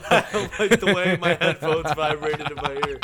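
A man's voice: fairly high pitch, moderate pace, a loud crowd. A young man co-hosting a podcast in casual chat, giggly and slangy, often cutting in with questions. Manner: giggly, interrupting, slangy, self-mocking. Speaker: podcast co-host.

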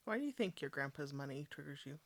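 A speaker in a candid conversation, gentle and supportive, with some teasing. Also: mid-range voice, lively intonation, fast talker, no room sound.

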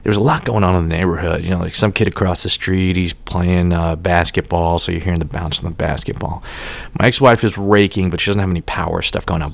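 A man telling casual, profane stories with lots of laughter in an animated, swearing manner. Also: deep voice, gravelly, no echo.

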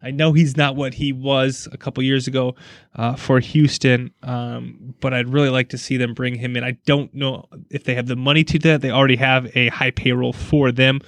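A man's voice: mid-range voice, level tone, moderate pace, a bit bright, no room sound. Chatty Midwestern man talking sports. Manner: chatty, rambling, laughs often. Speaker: podcast co-host. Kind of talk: casual sports chat.

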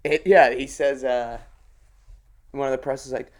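Man, podcast guest, swearing a lot, loose storytelling, mid-pitched. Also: steady tone, moderate pace. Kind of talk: casual chat.

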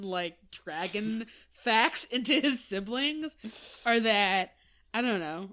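A woman co-hosting a casual podcast about a book, rambling a little, searching for words and trailing off softly. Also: mid-range voice. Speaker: podcast co-host.

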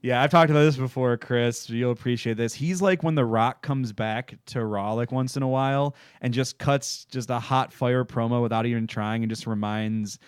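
Man, podcast host, casual TV recap, excitable, swears a lot, dry close sound. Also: mid-range voice, moderate pace, few pauses, smooth, no room sound. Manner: enthusiastic, profane, laughing often.

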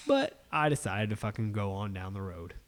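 A man, hosting a casual podcast chat and telling a story with animated, heavy swearing. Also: on the low side, moderate pace. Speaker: podcast host.

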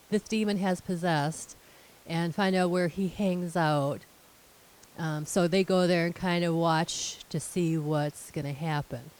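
A woman's voice: on the low side, a little mellow, rough recording. A woman co-hosting a casual recap chat, explaining scenes and acting out characters' lines as she retells them. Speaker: podcast co-host.

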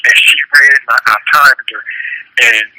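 A man's voice: mid-range voice, steady tone, moderate pace, pushed and bright, slight background noise, low-quality recording. A man recounting his childhood in a colloquial, earnest way, often repeating words as he restarts sentences. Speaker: guest telling his life story. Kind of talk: personal storytelling.

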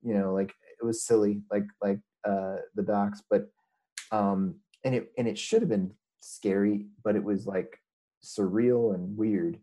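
A man with a mellow, husky, low voice tells a story in casual chat. He rambles, restarts often and acts out what others said. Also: steady tone, measured pace, rough recording. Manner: rambling, many fillers and restarts, acts out quotes.

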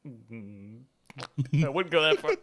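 A man co-hosting a podcast in casual pop culture chat, joking and laughing often. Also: medium pitch. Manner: jokey, laughs often, lively. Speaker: podcast co-host.

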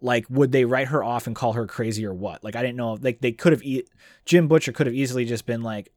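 A man's voice: medium pitch, fast talker, a little mellow, no echo, clean studio sound. A man hosting a casual book discussion podcast, who talks enthusiastically and reads passages aloud. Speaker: podcast host.

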